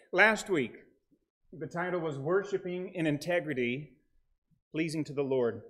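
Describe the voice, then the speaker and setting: Earnest male pastor, slightly high voice. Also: measured pace, a bit bright. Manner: earnest, dry humor, quotes scripture. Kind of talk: sermon.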